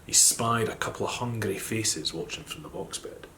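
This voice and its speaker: A man with a Scottish accent telling a folk tale in a gentle, animated storytelling manner. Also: on the low side, normal speed, hardly any pauses, slight background noise. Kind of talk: storytelling narration.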